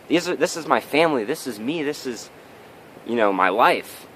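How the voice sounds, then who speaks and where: A man voicing a scared, bewildered young male lion in a spoken story, protesting in a raised, hurried voice. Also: mid-range voice, lively intonation, fairly bright tone, a little hiss or hum, voice pushed up, natural voice, low-quality recording.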